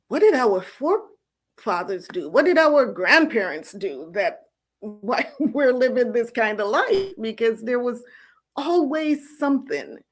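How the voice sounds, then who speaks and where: A middle-aged woman host telling her personal faith story in an earnest, storytelling way, with soft laughs now and then. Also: on the high side. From United States. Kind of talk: personal testimony.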